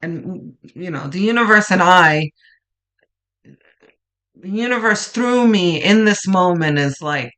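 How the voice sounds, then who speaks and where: This pick-a-card tarot reading comes in a mid-range, animated voice that moves slowly and pauses often. The reader sounds gentle and reassuring, restarting frequently and letting phrases trail off softly.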